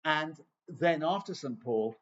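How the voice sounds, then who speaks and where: A man's voice: on the high side, lively intonation, slow, fairly bright tone, lo-fi sound. A man from England giving an informal lecture on scripture, chatty and digressive with wry asides.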